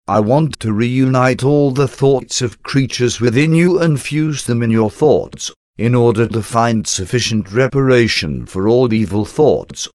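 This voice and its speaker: A man giving a slow, solemn, reverent devotional prayer reading. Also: medium pitch, a little mellow, no room sound, studio quality. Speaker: devotional reader.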